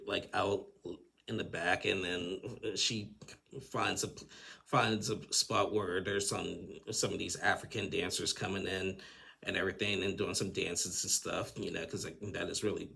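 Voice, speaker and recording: A man's voice: deep voice, vocal fry, fairly bright tone, breathy edge. A man giving a chatty, casual recap of a reality TV episode, laughing often between lines. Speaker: TV recap host.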